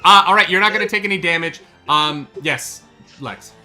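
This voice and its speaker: A man running a live tabletop game as game master, halting with many fillers and joking, profane asides. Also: fairly high pitch, music in the background.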